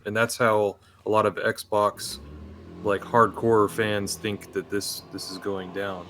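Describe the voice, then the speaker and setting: A man's voice: fairly low pitch, little pitch movement, takes it slowly, fairly bright tone, slight background noise. A man on a gaming podcast panel who talks in a rambling, frustrated way and often repeats words. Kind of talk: casual panel chat.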